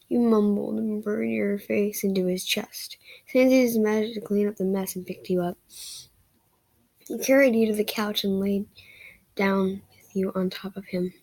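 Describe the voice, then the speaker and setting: Breathy woman reading a fan story aloud. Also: mid-range voice, darkish tone, rough recording. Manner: casual, giggly, slightly stumbling reading. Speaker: reader of fan fiction.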